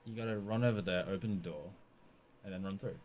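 A man's voice: low-pitched, fairly even intonation, fast, a little mellow, a little hiss or hum. An Australian man co-hosting a game stream, tossing in dry, teasing quips and advice. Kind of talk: casual let's-play banter.

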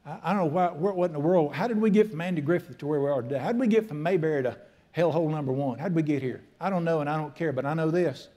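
Preacher in his sixties, slightly high voice, folksy and emphatic storytelling sermon. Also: very fast, dark tone. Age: 60s. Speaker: pastor.

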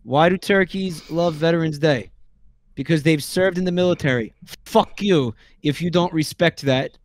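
A man on a stream reading out a list of jokes in a weary, deadpan way, sounding exasperated. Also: fairly high pitch, moderate pace, dry recording. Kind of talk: casual stream chat.

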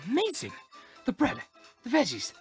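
A woman's voice: sits high, huge pitch swings, normal speed, soft background music, voice pushed up. A woman voicing a cheerful young female cookie who runs a sandwich shop, read aloud from a game. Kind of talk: reading game dialogue aloud.

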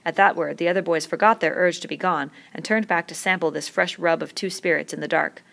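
A woman reading a novel aloud in a steady, measured narration. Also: lowish voice, vocal fry. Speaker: audiobook reader.

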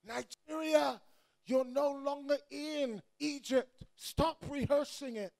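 Preacher guy shouting a sermon, really high voice, gravelly. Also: steady tone, slow pace. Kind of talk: energetic sermon. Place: church or event hall.

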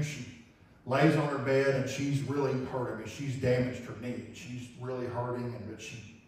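A male preacher tells a story from the pulpit with earnest, vivid storytelling, circling back on his own words. His voice sits at a middling pitch. The recording is caught from well back in a strongly echoing church sanctuary. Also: a little mellow. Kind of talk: sermon storytelling illustration. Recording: very echoey hall, mic far off.

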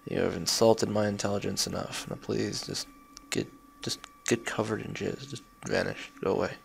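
With a fairly low, level voice touched by vocal fry, a young man provides let's play commentary at a moderate pace over slight background noise. He swears at his mistakes, erupts in frustration now and then, and makes sarcastic side comments.

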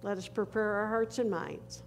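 A woman pastor preaching a sermon in a church, slow and earnest, with dramatic pauses. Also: medium pitch, vocal fry, soft background music. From northern United States. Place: church sanctuary. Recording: reverberant church hall with faint noise.

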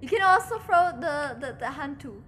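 High, lively woman streamer. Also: normal speed, a little hiss or hum. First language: German. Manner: reads game text aloud, chatty, swears freely. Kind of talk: casual gaming livestream chat. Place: home.

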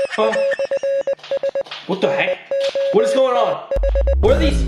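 A woman hosting a reaction video, shouting panicked exclamations at what she watches, in a roomy space with music behind. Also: medium pitch, wildly swooping pitch, takes it slowly, long pauses. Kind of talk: excited reaction commentary. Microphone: headphones and desk mic.

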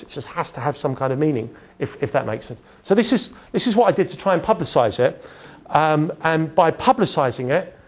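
Man, candid slide talk, a little higher pitched than most, stops and restarts. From England. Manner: candid storytelling, many restarts and filler words, chuckles at himself. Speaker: speaker giving a talk.

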